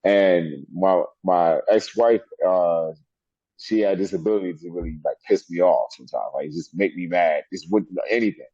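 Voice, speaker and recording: A middle-aged man, a wrestler guest in an interview, telling animated stories and laughing often. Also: sits low, normal speed, husky, dry recording. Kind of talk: storytelling interview. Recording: dull lo-fi sound.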